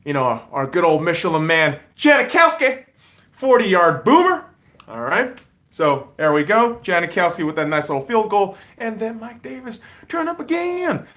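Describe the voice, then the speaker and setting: A man hosting a podcast, ranting casually about football with lots of swearing, dropping into mumbled asides and jumping to loud outbursts. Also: sits high, moderate pace. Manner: profane, swings between mumbling asides and loud excited outbursts. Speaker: podcast host. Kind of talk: casual sports rant.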